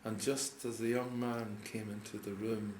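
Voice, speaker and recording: A man telling a folk tale to a live audience, chuckling often and dropping into quiet voices for the characters. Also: fairly low pitch, little pitch movement, normal speed, a little hiss or hum. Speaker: storyteller. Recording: roomy live recording with audience.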